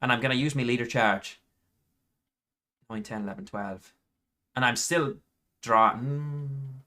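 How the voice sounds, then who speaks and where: A man talking through his own card game as he plays, half to himself, working out moves and counting points. His voice is bright and forceful, sitting at an ordinary middle pitch. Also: a little slow. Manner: thinks aloud, counting points under his breath. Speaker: gaming YouTuber.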